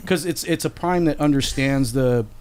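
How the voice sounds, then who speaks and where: A man's voice: medium pitch, moderate pace, a little hiss or hum. A man co-hosting a podcast in casual chat, rambling and swearing freely. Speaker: podcast co-host.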